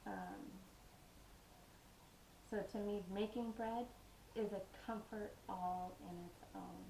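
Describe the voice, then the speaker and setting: A woman's voice: medium pitch, steady tone, takes it slowly, vocal fry, dark tone, slight background noise. Chatty woman in an echoey kitchen. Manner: chatty, rambling, laughs while telling stories. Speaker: home cooking vlogger. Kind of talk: casual storytelling while baking. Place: home kitchen.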